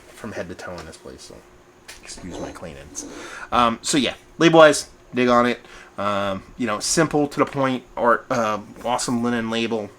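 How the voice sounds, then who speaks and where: A man's voice: on the low side, slight background noise. A man hosting his own beer review vlog at home, chatty and rambling, poking fun at himself. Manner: chatty, rambling, self-mocking, animated. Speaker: beer reviewer, show host. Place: at home, indoors.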